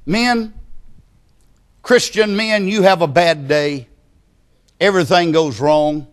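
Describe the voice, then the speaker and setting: A male preacher delivers a sermon at an unhurried pace. His voice sits a little high, and he presses each phrase with emphasis. He rises to loud passion at times.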